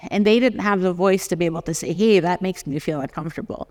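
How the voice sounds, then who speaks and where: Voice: medium pitch, fast. A lawyer in their forties from Canada, giving a conference talk and acting out the dialogue in personal stories. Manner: animated storyteller who acts out dialogues and often laughs. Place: conference hall. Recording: long hall reverb.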